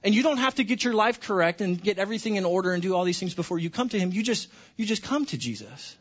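A man delivers a sermon in a high, bright-edged voice, swinging between hushed, slow stretches and excited near-shouting. The recording is slightly dull and muffled. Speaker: pastor.

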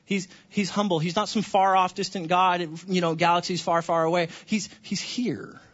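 High-voiced pastor guy preaching, gets really fired up then goes quiet, kinda dull recording. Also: steady tone, moderate pace. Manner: passionate, swings from hushed to near-shouting. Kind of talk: sermon.

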